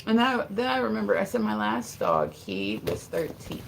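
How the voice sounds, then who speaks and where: A woman's voice: medium pitch, wildly swooping pitch, moderate pace, gravelly, few pauses, a little hiss or hum. A woman chatting casually on a live stream from her home studio, exasperated and scolding, swearing casually. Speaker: livestreamer.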